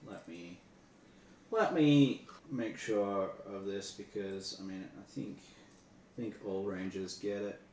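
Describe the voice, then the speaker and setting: A low-voiced man runs a tabletop game at an unhurried pace, his pitch moving freely. He sounds off-mic in an echoey room. A faint hiss sits underneath. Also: darkish tone, distant mic. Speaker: game master. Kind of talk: running a tabletop game, casual.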